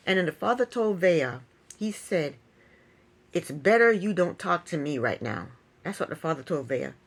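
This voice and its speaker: Woman, casual recap host, blunt, opinionated, chatty, medium pitch. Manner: blunt, opinionated, with frequent um fillers.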